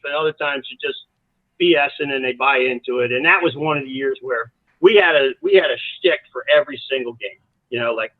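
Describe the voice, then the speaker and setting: A man's voice: on the high side, no room sound. A man, a college soccer coach, telling long rambling stories with asides as a podcast guest. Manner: animated, rambling storyteller with many asides. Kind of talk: storytelling in a podcast interview. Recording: tinny phone-like line.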